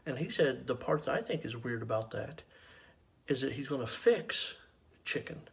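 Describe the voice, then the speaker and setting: A middle-aged man from the rural United States telling a comic story, with a drawling, deadpan delivery. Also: medium pitch, moderate pace, creaky. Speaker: stand-up comedian.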